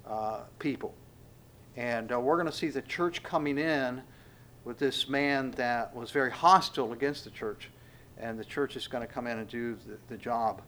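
A man preaching a sermon, pausing often with fillers and acting out short bits of dialogue. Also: medium pitch. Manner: halting, many fillers, acts out dialogue. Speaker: pastor.

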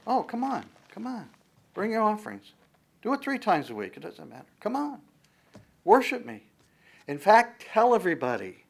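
A man's voice: mid-range voice, fairly even intonation, fast, few pauses, a bit bright, close to an everyday voice. A man voicing God as sarcastic and mocking, in a raised sing-song voice.

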